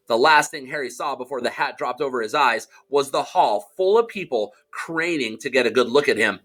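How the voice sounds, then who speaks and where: Animated, bright-voiced male audiobook narrator. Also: medium pitch, normal speed, few pauses. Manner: animated storytelling, does character voices.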